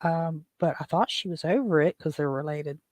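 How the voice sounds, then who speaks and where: A man mimicking a fretful, helpful woman in his story, speaking in an anxious, hurried way and pitching his voice a bit higher. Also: no echo, clean studio sound, close to an everyday voice. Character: fretful helpful woman, eager to fix things.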